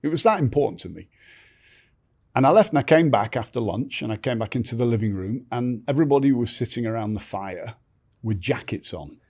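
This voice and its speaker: A man's voice: medium pitch, animated, a little fast, darkish tone. A middle-aged man, a podcast guest, telling stories in conversation and acting out other people's lines. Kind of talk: storytelling in conversation.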